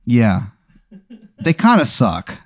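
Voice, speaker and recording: Animated rambling man spinning a comic tale. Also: mid-range voice, slow, dry recording, clean studio sound. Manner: animated rambling storyteller with goofy put-on voices. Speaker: podcast host. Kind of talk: improvised comedy bit.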